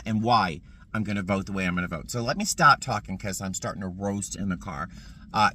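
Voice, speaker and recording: A man talking to camera in a casual vlog from his parked car, emotional and halting, full of restarts and fillers. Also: medium pitch, bright, forceful tone, slight background noise. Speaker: vlogger.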